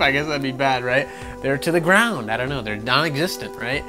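A man's voice: mid-range voice, fast talker. A man hosting a gaming news vlog, ranting with sarcastic, profane exasperation. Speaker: gaming channel host. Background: background music.

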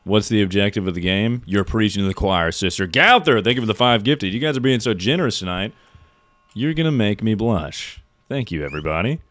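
A young man with a low voice chats through a live game stream. He jokes around, reacts to the game and reads out chat messages. The sound is dry and close. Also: lively intonation, fairly quick, fairly bright tone, no room sound. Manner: jokey, reacts to chat and thanks subscribers.

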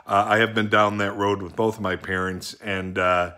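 A middle-aged actor recording a casual personal birthday video message, joking and then speaking earnestly. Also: male voice, lowish voice, flat delivery, normal speed, bright, forceful tone, smooth.

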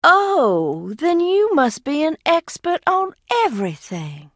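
A mocking, theatrical young woman lurking in a decaying mansion in a mystery game. Her fairly high voice leaps wildly up and down as she taunts and lashes out. The sound is close and dry. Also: huge pitch swings, takes it slowly, a bit bright, no echo, exaggerated voice. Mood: sardonic. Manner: sardonic, theatrical, swinging between taunts and outbursts. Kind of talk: video game voice acting.

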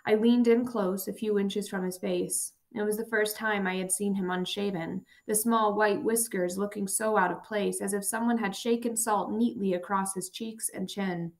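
A woman's voice: mid-range voice, fairly even intonation, normal speed, hardly any pauses, darkish tone. Woman reading a somber memoir aloud. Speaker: audiobook narrator. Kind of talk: first-person memoir narration.

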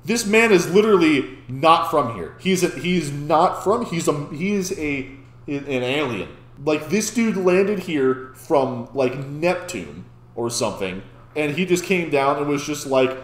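A man hosting a casual reaction video, excitable and often stammering and restarting mid-sentence. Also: fairly high pitch, unhurried. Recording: echoey room.

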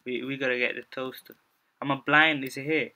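Casting: young male gaming YouTuber with a bright, clear tone; jittery, stammering play-by-play that jumps into panicked repeats. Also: mid-range voice, fairly even intonation, fairly quick. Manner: jumpy, panicky reactions with frequent swearing and repeated phrases; mutters to himself, stammering restarts. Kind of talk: gameplay commentary.

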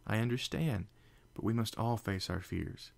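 A tender, soft-spoken female pony, as a man lifts his voice to play her comforts someone with cooing reassurance. The voice sits noticeably higher than the reader's own, with a faint gravelly edge underneath. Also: normal speed. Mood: soothing. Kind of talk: fan fiction reading.

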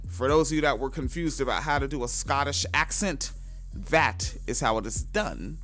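A man hosting a podcast, reading a news article aloud in a halting way, full of fillers, and breaking off into loud, profane asides. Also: mid-range voice. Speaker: podcast host.

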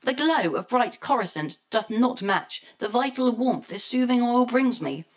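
A woman's voice: a little high, lively intonation, a little slow. A woman playing a fussy, prim robot butler. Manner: formal, prim and worried. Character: fussy, anxious male protocol robot. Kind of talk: amateur audio drama in mock-Shakespearean verse. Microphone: home computer mic.

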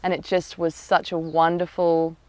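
A woman author speaks in a low, smooth and resonant voice. She talks thoughtfully and earnestly, with the odd filler. Her voice sounds dry and close, with no room around it. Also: level tone, moderate pace, no room sound. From Australia. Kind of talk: talking to camera about her novel. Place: outdoors in botanical gardens.

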